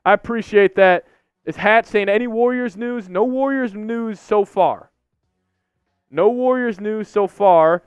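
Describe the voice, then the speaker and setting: A young man with a high, smooth voice hosts a live sports stream, speaking a little slowly as he rants in frustration and repeats himself. There's no echo, and the lo-fi stream audio sounds slightly dull.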